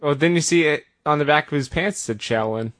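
Dude on a wrestling podcast, excited fan, gets defensive, kinda high voice. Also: male voice, a little fast. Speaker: podcast co-host. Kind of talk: casual wrestling chat.

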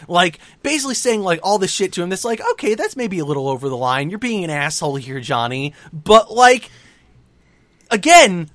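A man with a high voice talks in a loose, casual chat and tells the story with a lot of energy. His swearing is constant. The sound is dry and close, with little room in it. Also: dry recording. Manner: animated, profane storytelling. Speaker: podcast co-host recapping wrestling.

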